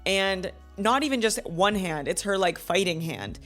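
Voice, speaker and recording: A woman in her thirties hosting a casual book club video, retelling the chapters in a gushing, animated way with quoted asides. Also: medium pitch, measured pace, faint music behind. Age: 30s. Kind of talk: casual book review chat.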